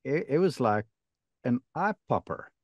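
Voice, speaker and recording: A man's voice: mid-range voice, lively intonation, unhurried, dry recording, dull audio. South African male host, dry close mic, chatty and upbeat interviewer. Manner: chatty, enthusiastic, frequent restarts. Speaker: podcast host and golf broadcaster. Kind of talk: casual interview chat.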